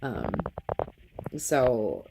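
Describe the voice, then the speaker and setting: A woman's voice: extremely low pitch, huge pitch swings, very slow, creaky, background noise. A mother in her thirties tells a personal story to camera in an earnest, emotional way and acts out the quotes. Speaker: vlogger, mother.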